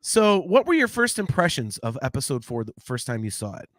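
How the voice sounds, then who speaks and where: Man in his forties, podcast co-host, bright forceful voice, animated storyteller, laughs a lot, dry close mic. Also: mid-range voice, a little fast, no echo. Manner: animated storyteller, laughs often, reads chat comments. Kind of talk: casual chat, telling family stories.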